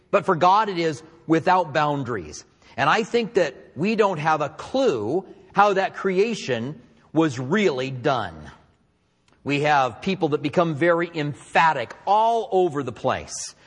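A man delivering a sermon as a Bible teacher, his voice a little husky and pitched slightly high. He teaches in a conversational, animated way, swinging his pitch widely and adding emphatic asides. The sound carries a long reverb, as if from a large hall.

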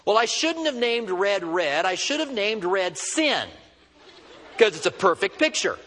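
A man preaching a sermon, telling a funny story with animated delivery. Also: sits high, unhurried, in a large hall. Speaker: pastor. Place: church.

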